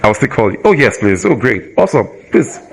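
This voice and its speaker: A man with a Nigerian English accent teaching communication skills at a live event, energetic and constantly asking the audience rhetorical questions. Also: on the low side, a little fast, creaky. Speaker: communication trainer.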